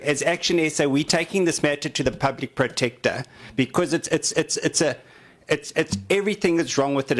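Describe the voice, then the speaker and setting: An angry, indignant South African man speaking in a parliamentary committee debate as an opposition member, repeating himself for emphasis. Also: fairly high pitch.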